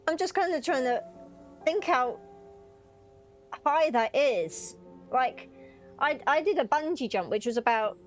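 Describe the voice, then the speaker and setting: A woman's voice: high-pitched, animated, measured pace, long pauses. A young woman giving chatty, giggly commentary on a game she is playing, swearing casually. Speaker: gaming video creator. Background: game music.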